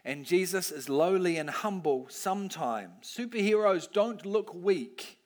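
A male pastor preaching a sermon, animated and acting out cheering crowd voices. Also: sits high, a little slow, hardly any pauses.

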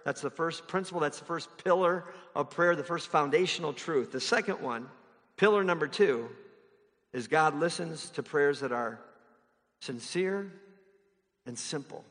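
Male pastor, high bright voice, conversational sermon, long hall reverb. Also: measured pace. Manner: conversational preaching with mocking put-on voices.

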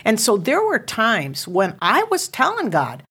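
A woman's voice: on the high side, wildly swooping pitch, unhurried, few pauses, a bit bright, breathy edge. A middle-aged woman giving an earnest testimony as a podcast guest, acting out her prayers with rising emotion. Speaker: ministry founder, guest.

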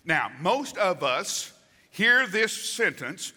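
A man's voice: on the high side, lively intonation, moderate pace, pushed and bright. A man in his sixties preaching a conversational sermon as pastor, acting out voices for emphasis. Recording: reverberant hall.

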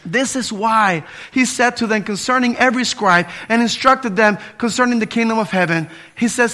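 A man in his fifties preaching a sermon as pastor, impassioned, swinging between loud appeals and hushed pleading. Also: extremely high pitch, normal speed, hardly any pauses.

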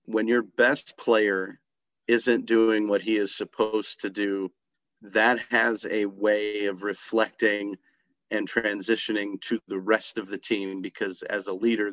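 Low-voiced man on a dull lo-fi line. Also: dry recording. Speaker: podcast co-host. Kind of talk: casual sports chat. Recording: dull lo-fi sound.

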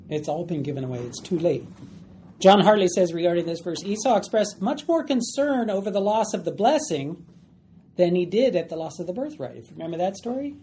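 Male Bible study teacher, mellow tone, light background hiss. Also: sits high. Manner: explains plainly, acts out voices.

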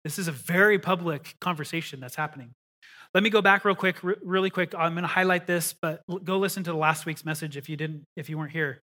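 A male pastor preaching a sermon, reading scripture slowly and deliberately, then talking it through in a casual, animated way. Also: a little high. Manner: conversational, animated asides.

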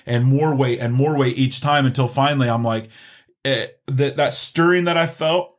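Middle-aged guy sharing his testimony, earnest, stops and restarts a lot. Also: mid-range voice. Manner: earnest, halting, many restarts. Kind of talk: emotional personal testimony.

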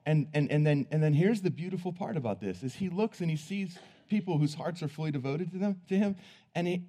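A man's voice: a little high, animated, fairly quick, warm tone. A man preaching, telling a personal story in an earnest, conversational way. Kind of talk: sermon storytelling.

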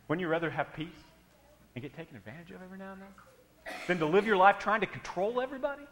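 Bright-voiced pastor preaching in a reverberant hall. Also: male voice, sits high, expressive, fast, a little hiss or hum. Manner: emphatic, addresses the congregation directly. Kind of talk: sermon. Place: church hall.

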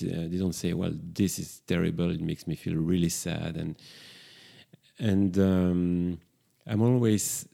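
A man's voice: sits low, creaky, dark tone. A middle-aged male therapist speaking in a reflective talk, hesitant with frequent fillers and restarts.

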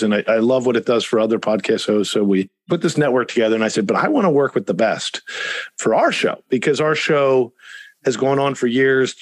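A man's voice: mid-range voice, no room sound. A man hosting a podcast in enthusiastic, rambling casual chat. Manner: enthusiastic, talks in long rambling runs. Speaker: podcast host.

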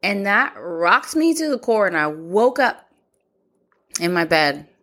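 A woman's voice: mid-range voice, sing-song, slow pace, a bit bright. A woman telling a personal story in a reflective way, acting out remembered conversations. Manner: reflective, acts out remembered dialogue. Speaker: podcast host.

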